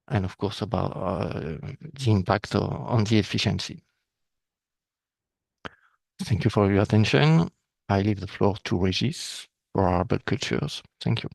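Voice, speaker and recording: Male presenter, low gravelly voice, halting delivery with many fillers. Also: a little mellow, no room sound. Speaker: presenter from a vine and wine institute. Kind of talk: webinar presentation.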